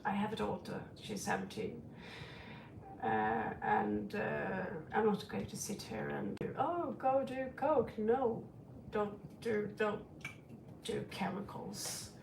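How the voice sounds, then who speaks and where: This middle-aged woman, a tarot reader, chats loosely on a livestream, frank and rambling, addressing listeners as sweetie. Her voice is medium-pitched and gravelly. She sits away from the mic, so the sound is echoey with background noise.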